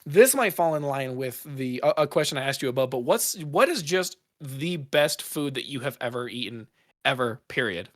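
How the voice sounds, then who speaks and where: A man's voice: medium pitch, expressive, moderate pace. A man hosting a casual podcast chat, asking questions in a rambling way with lots of fillers and restarts. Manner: rambling, self-correcting questions with frequent fillers. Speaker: podcast host.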